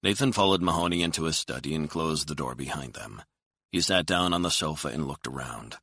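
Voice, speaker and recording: A man narrating a thriller audiobook in steady, even storytelling. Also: rumbling low, brisk, dry recording, clean studio sound.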